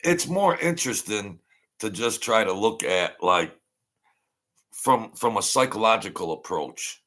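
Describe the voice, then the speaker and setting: A man's voice: on the low side, expressive, a little slow, bright, forceful tone. A middle-aged man, chatting bluntly and rambling on a casual livestream, often repeating himself. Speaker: livestream host.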